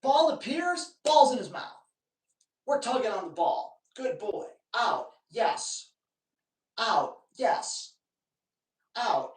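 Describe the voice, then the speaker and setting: A man's voice: very high voice, very animated, slow, pauses often. A man hosting a live dog training Q&A, giving blunt, emphatic advice in short, punchy commands. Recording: roomy, distant from the mic.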